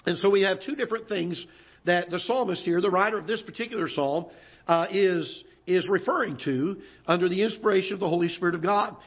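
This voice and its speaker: Folksy pastor, dull broadcast sound. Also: male voice, high voice, breathy edge. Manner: unhurried, folksy, many "uh" fillers, slows to read scripture. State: occasional cough. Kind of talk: sermon. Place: church auditorium. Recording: dull lo-fi church broadcast audio.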